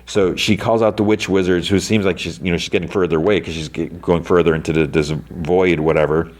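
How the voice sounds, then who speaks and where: A man with a very deep, low voice talks through an episode recap in a loose, casual way. He rambles and leans on "like" and "um" as he goes, like a podcast host chatting. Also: steady tone, a little fast. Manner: rambling, heavy on "like" and "um" fillers.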